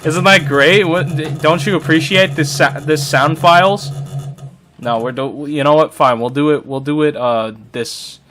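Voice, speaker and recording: A man's voice: fairly high pitch, a bit bright, slight background noise. A man co-hosting a podcast, chatting casually and jokily while playing a game. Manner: jokey, rambling, quick asides. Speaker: podcast co-host.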